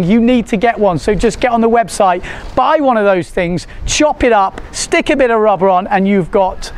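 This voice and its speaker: Chatty joking man with a high voice. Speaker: vlog host. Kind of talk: casual chat to camera.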